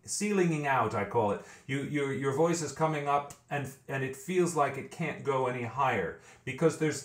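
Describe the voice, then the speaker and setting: A man's voice: mid-range voice, echoey room. A man teaching a vocal training lesson, explaining step by step and often repeating words as he thinks. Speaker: vocal coach.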